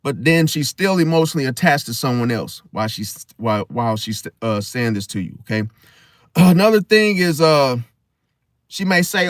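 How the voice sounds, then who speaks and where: A man's voice: mid-range voice, expressive, moderate pace, no room sound, clean studio sound. A young man giving a blunt, emphatic casual monologue about astrology, often stopping and restarting. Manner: emphatic, repeats "see?", blunt and profane; stop-start restarts. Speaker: astrology commentator.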